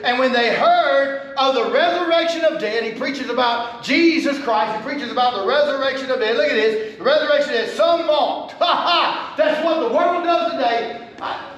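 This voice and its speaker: A man preaching a conversational sermon, swinging from low asides to loud emphatic peaks and chuckling at his own points. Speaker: pastor. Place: church sanctuary. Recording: echoey church sanctuary with faint hum.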